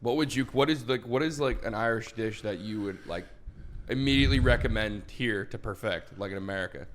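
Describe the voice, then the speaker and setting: A man's voice: on the low side, brisk. A man hosting a casual podcast, asking loose, rambling questions. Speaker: podcast host.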